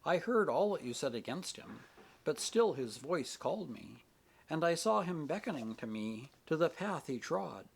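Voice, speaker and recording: An earnest, devout young woman pleads softly but firmly, her voice husky and raised, moving through a lively melody. A man voices her in an audiobook reading. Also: on the high side, moderate pace, voice pushed up, full character voice. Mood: earnest pleading.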